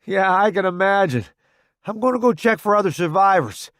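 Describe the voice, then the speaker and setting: A man's voice: high-pitched, animated, moderate pace, fairly bright tone, clean tone, no echo, studio quality, pitched above the performer's own voice. A man voicing a young male soldier speaking urgently but wryly in the field, in an audiobook. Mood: steady. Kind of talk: audiobook character voice.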